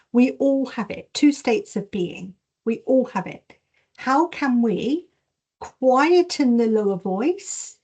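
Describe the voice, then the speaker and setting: Animated woman teaching a masterclass. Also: on the high side. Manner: animated, reads chat questions aloud and acts out inner voices. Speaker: intuition and Reiki teacher. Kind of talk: online masterclass talk.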